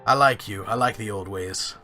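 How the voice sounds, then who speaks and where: A man's voice: fairly low pitch, moderate pace, pushed and bright. A man voicing a friendly male dwarf merchant who rambles and hesitates a lot, with music playing faintly behind him. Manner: rambling, full of uhs and ums.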